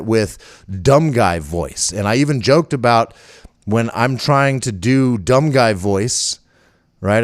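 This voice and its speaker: A man's voice: mid-range voice, clear, resonant tone, no echo, clean studio sound. An older man with a rural Virginia country accent, hosting a podcast in a rambling, casual chat with many fillers. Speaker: podcast host.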